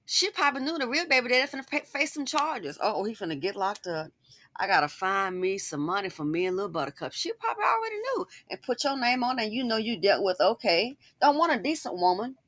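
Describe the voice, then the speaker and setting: A woman's voice: on the high side, expressive, fairly quick, a bit bright. A woman giving sassy, chatty commentary to her viewers, with frequent asides. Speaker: online commentator. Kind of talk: casual commentary.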